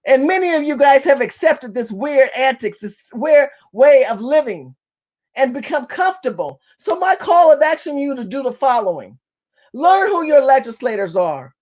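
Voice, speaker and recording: Fast-talking, high-voiced activist woman from California. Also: very animated. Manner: fast-talking, forceful, repeats phrases for emphasis. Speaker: community activist. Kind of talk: impassioned political monologue.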